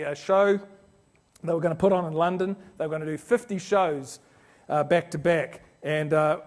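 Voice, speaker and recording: This is a high-pitched man speaking at a business conference. He delivers a motivational keynote in an animated storytelling way. He keeps slipping into little acted-out scenes to make his point. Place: conference hall.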